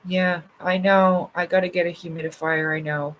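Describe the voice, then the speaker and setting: A woman's voice: lowish voice, little pitch movement, moderate pace, a bit bright, low-quality recording. A woman hosting a casual livestream, chatting loosely with her viewers, full of fillers and swearing freely. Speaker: livestream host. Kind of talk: casual live chat reading comments.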